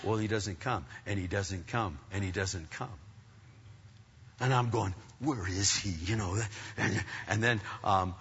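A middle-aged man preaching through a personal story, rambling and animated with many restarts. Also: on the low side, a little slow, slight background noise. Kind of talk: sermon storytelling. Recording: dull, echoey hall sound.

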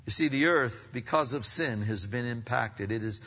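A bright, forceful male preacher delivers a sermon, rising to loud emphatic peaks and falling to near-whispers. His voice rings through a large hall with a long reverb. The sound is slightly dull and muffled. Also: normal speed. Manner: dramatic swings between loud emphatic peaks and hushed low passages. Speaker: pastor.

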